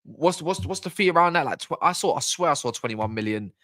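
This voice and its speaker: A man's voice: a little high, lively intonation, a little fast, a bit bright, dry recording, studio quality. A man hosting a football fan channel, chatting casually on a live stream in a blunt, rambling way and swearing freely.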